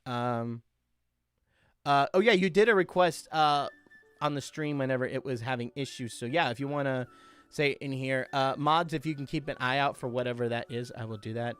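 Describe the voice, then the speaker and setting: A man's voice: medium pitch, normal speed, fairly bright tone, smooth. A young man hosting a live stream, chatting casually and reading out viewer requests. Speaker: livestream host doing voice impressions.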